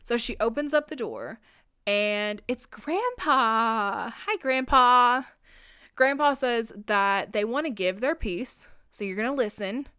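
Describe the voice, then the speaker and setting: A young woman talks through a movie's plot like she is catching a friend up, swearing freely and tossing in little voices for the characters. Her voice is smooth and clear, and it is recorded close and dry, with no room sound around it. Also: fairly high pitch, animated, fairly bright tone, dry recording. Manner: chatty and profane, retelling scenes with quick put-on quotes. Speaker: podcast host. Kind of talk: casual film recap.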